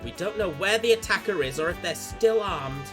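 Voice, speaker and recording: A man voicing a calm, sensible female teacher in a story game, a bit higher than his own voice. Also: normal speed, music in the background. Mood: firm.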